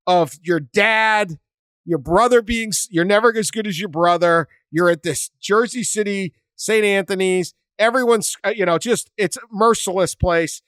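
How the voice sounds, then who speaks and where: A man hosting a sports podcast, telling stories in a lively, chatty way and laughing often. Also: sits high, clean tone, dry recording. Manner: animated storyteller, laughs often, acts out quotes. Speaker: podcast host. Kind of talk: casual sports chat.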